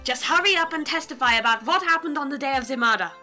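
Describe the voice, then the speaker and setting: A woman's voice: high voice, lively intonation, quick pace, pushed and bright, faint music behind. A woman voicing a haughty young woman prosecutor in a video game, speaking in a scornful, commanding way.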